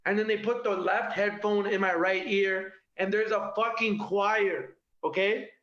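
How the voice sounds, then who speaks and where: A male comedian with a high-pitched, steady, slightly bright voice works through a stand-up set from his kitchen, a little slowly. His punchy jokes end with "okay?" or "all right?", and the home recording is roomy and dull.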